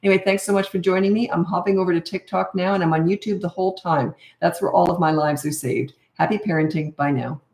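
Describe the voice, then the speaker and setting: A woman in her fifties, a parenting coach answering questions on a live stream, talking in a calm, plain-spoken way and sometimes acting out a firm, steady parent's voice. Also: lowish voice, fast talker, few pauses, reverberant.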